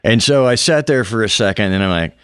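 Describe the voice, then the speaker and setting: Low-voiced middle-aged man spinning stories. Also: animated, fairly quick, fairly bright tone, smooth, dry recording. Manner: rambling storyteller, laughs at own tales. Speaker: comedian guest. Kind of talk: casual podcast chat. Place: small hot studio.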